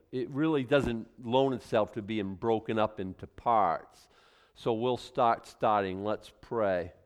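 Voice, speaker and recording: A man preaching a conversational sermon to a congregation, with animated asides and frequent restarts. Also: medium pitch, clean tone. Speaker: pastor. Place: church room with a congregation.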